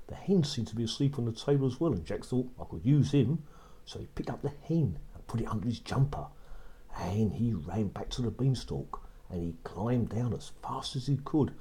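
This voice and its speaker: A man's voice: mid-range voice, dark tone. A man narrating a children's story in a repetitive storybook manner. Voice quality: husky.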